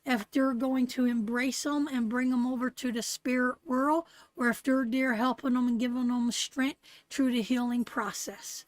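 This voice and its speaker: A woman's voice: sits high, steady tone, normal speed, dry recording, rough recording. A woman with a Canadian accent reading tarot on a live stream, affectionate and emphatic, calling viewers darling and sweetheart and repeating her phrases. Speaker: tarot reader.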